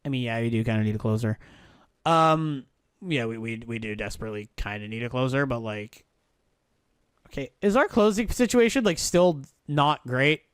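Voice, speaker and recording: A man live-streams a baseball video game, muttering, thinking aloud, and swearing freely while checking player moves in casual commentary. His mid-range voice is smooth at a moderate pace, in a dry recording with clean studio sound.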